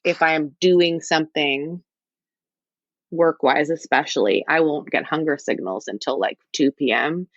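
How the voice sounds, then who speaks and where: A woman's voice: deep voice, measured pace, no room sound, dull audio. A woman talking as a podcast guest, frank and rambling with wry self-deprecating asides. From United States. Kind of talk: candid conversational interview.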